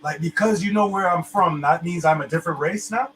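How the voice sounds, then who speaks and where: A man's voice: a little high, fairly quick, a bit bright, poor audio. A man talks casually and emphatically. His phrasing is loose, with slang and frequent restarts. A faint background noise sits under the voice. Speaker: co-host. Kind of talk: casual discussion.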